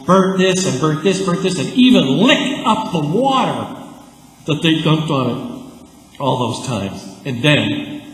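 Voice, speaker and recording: Animated man preaching in echoey church. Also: fairly high pitch, takes it slowly. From Canada. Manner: animated, conversational preaching with asides. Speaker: pastor. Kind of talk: sermon.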